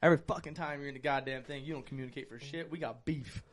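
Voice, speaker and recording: A man's voice: mid-range voice, quick pace. A young man hosting a podcast, telling stories animatedly in casual, profane chat. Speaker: podcast host.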